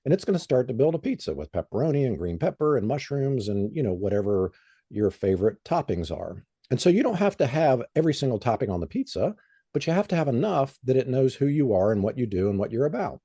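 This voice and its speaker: A man's voice: medium pitch, sing-song, quick pace, mellow, slightly rough, no room sound, clean studio sound. A man who is a guest on an interview show, explaining in a plain, conversational way with frequent "um" and "you know.". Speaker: guest expert.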